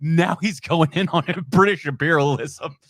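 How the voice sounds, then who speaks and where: A man's voice: a little high, animated, brisk, fairly bright tone, no echo, studio quality. A man hosting a movie podcast, reacting bluntly and sarcastically to clips and laughing often. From United States. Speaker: podcast host. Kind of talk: reacting to videos on a live stream.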